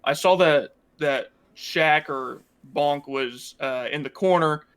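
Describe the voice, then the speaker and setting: A young man, a player, answering interview questions over a voice call in a relaxed way, with short replies and easy laughs. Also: fairly high pitch, slow, clean tone. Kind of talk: post-match interview over voice chat.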